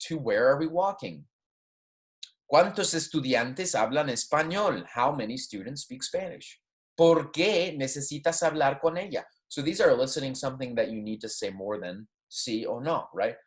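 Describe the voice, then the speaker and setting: A man teaching a recorded Spanish class. He explains in English, says Spanish phrases slowly as examples, and keeps checking in with "right?" and "okay". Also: medium pitch.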